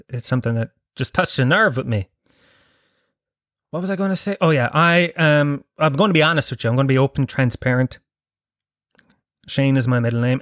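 A man in his mid-thirties with a Dublin Irish accent, talking alone into the mic from his sitting room. He rambles, swears freely and pokes fun at himself. His pitch sits mid-range and the sound is dry and close. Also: no room sound. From Ireland. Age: 30s. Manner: rambling, sweary, self-mocking. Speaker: podcast host. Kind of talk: casual solo podcast monologue.

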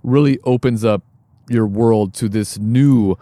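A man's voice: lowish voice, a little slow, dark tone, no room sound. Hesitant man with a dry, close sound. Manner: hesitant, many fillers and restarts. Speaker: podcast co-host. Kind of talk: casual chat.

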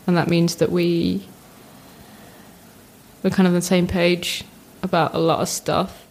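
A young woman, a podcast guest chatting casually, self-mocking and animated, acting out what others say. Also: fairly low pitch, unhurried. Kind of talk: casual chat.

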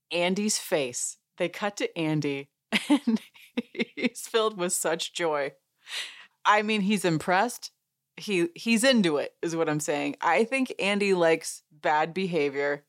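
A podcast host speaks a little slowly in a lowish voice while casually recapping a show. Amused and chatty, she tells the story with laughter and acts out what other people said.

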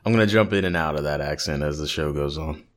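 A man hosting a podcast, chatting casually with jokes at his own expense and halting restarts. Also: extremely low pitch. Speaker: podcast host.

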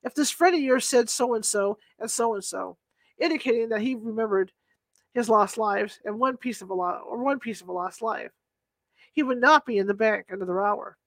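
A woman voicing an excited, insistent male scholar in an audiobook reading, speaking urgently and earnestly. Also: on the high side, normal speed, dry recording.

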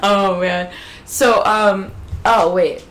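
A woman's voice: mid-range voice, fairly even intonation, very slow. Blunt, profane woman podcast host. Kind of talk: candid casual chat. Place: living room in a city apartment. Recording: roomy room with loud street noise.

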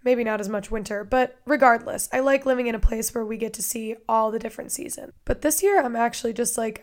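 A woman with a hoarse, raspy voice introduces her podcast episode in a casual, chatty way. Her pitch sits fairly high despite the rasp, and she speaks with an upbeat, gushing warmth about the guests to come. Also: a little fast, few pauses. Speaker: podcast host.

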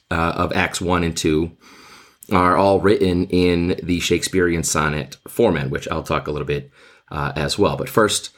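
A man teaching high school English in a podcast lesson. He talks in a conversational way with many filler words. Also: a bit bright.

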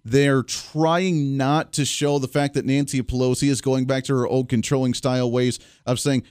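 A man's voice: medium pitch, flat delivery, moderate pace, hardly any pauses, a little mellow, clean tone, no echo, studio quality. A man hosting a political talk radio show in a casual, sarcastic way, laughing at his own jokes.

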